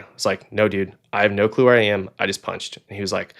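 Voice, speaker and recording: A man's voice: fairly low pitch, fast talker, gravelly, few pauses. A young man from Oklahoma, a fighter pilot guest on a podcast, telling a story in a casual way. He acts out the people he quotes and fills his talk with "like" and "um.". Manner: animated storyteller, acts out quoted dialogue, frequent "like" and "um".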